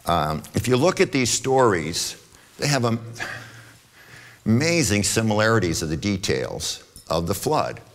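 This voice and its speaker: A man with a very deep voice gives a church adult forum talk in a room with long reverb. He explains things in a relaxed, conversational way, stopping often with fillers and restarts, and now and then reads passages aloud from his notes. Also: measured pace. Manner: conversational lecturing with frequent fillers and self-corrections.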